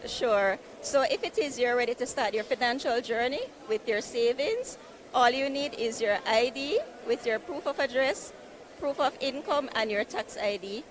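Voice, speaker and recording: A woman representing a building society at a conference marketplace booth, pitching savings and mortgages in an upbeat, persuasive way. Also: expressive, moderate pace. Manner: upbeat, persuasive, repeats easy and convenient. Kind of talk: sales pitch at an expo booth. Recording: noisy conference floor.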